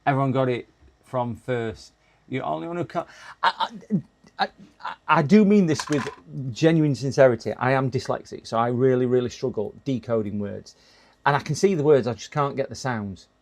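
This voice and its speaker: Middle-aged male streamer, gravelly fry-heavy voice at an ordinary pitch, chatty and rambling while he works on a computer. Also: moderate pace, a little mellow. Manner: chatty, talks to chat while working, frequent restarts and laughs. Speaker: live-stream repair streamer. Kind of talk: casual live-stream chat.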